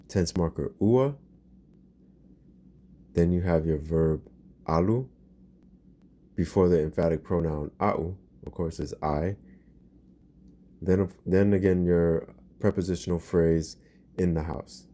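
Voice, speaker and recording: A man explains grammar in an unhurried lesson. His voice is very low and mellow. He takes his time, repeating each example phrase with patience. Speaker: language teacher.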